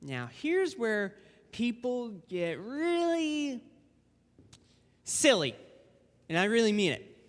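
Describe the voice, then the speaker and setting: A man's voice: very high voice, big pitch swings, slow pace, pauses often. A young man preaching a casual, conversational sermon as a guest speaker in a church. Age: young adult. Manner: casual and conversational, acting out quotes. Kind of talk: informal sermon. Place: church sanctuary. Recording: long church hall reverb.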